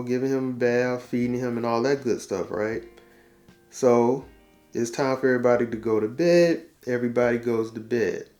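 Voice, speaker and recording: A man's voice: mid-range voice, darkish tone. A man in his forties telling a family story as a casual advice talk, acting out the dialogue with slang and laughing at himself. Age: 40s. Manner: conversational, uses slang and repetition. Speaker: relationship talk host.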